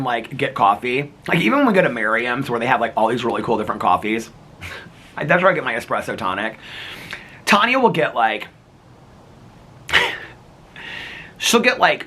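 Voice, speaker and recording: A man's voice: mid-range voice, pushed and bright, breathy edge. A middle-aged man vlogging in a rambling casual chat, laughing often as he talks.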